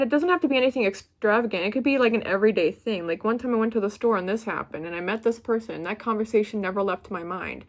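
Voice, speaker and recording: A young woman giving a pick-a-card tarot reading, chatty and excitable, often breaking off mid-word. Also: medium pitch. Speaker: tarot reader.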